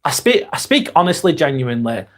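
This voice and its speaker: A man's voice: on the high side, very animated, fairly quick. A man with a Lancashire accent hosting a casual live vlog, talking bluntly, swearing freely and calling people mate. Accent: Lancashire English. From North West England. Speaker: live vlog host reading chat. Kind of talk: casual live-stream chat.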